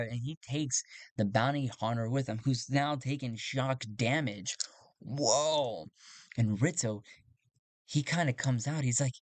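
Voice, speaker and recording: A man narrating a solo tabletop game, thinking aloud and getting excited over dice rolls. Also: mid-range voice, measured pace, pauses often, no room sound. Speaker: solo game player and game master.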